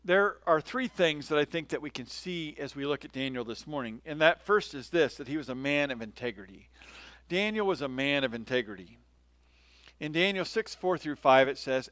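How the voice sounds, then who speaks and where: A male pastor delivers a sermon in a friendly, storytelling way, often pausing to ask his listeners "right?" His voice sits a little high for a man. The sound is dry, with almost no room echo. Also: expressive, a bit bright. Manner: conversational, tells stories, often checks in with "right?". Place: church.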